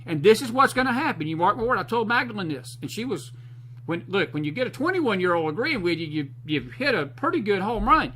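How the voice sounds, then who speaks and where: A man's voice: high voice, sharp tone, rough recording. A man hosting a talk show, delivering fired-up political commentary in a folksy, preachy, emphatic way.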